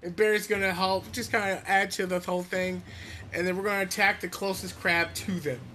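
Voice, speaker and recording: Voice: mid-range voice, fairly even intonation, a little fast, pushed and bright, slight background noise. A player in a tabletop game describing moves, giggly and playful. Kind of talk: casual tabletop play.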